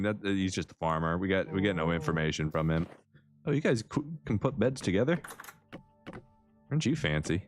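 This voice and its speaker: A man's voice: low-pitched, lively intonation, a little fast, long pauses. A man streaming a survival game live, chatting and joking at the characters. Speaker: livestreaming gamer. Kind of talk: live gameplay commentary.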